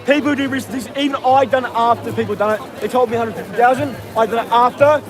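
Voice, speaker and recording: An Australian man livestreaming from a city street, talking loudly, swearing and rallying his viewers. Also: extremely high pitch, quick pace, a crowd in the background. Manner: loud, profane, rallying. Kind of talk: live street stream.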